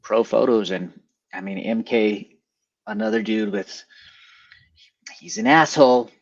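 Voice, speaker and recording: A man who photographs events and does stand-up comedy, chatting casually and telling stories with lively energy. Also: fairly low pitch, unhurried, creaky, no room sound, lo-fi sound. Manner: animated storyteller, jumps into quoted voices. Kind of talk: casual chat.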